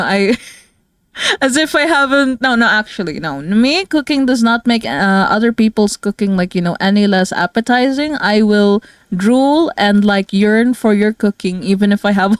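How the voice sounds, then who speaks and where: A tired, low-energy woman from the Philippines chatting casually with her viewers as a streamer, rambling with many fillers and soft laughs. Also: big pitch swings, moderate pace, no echo, clean studio sound. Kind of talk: casual livestream chat with viewers.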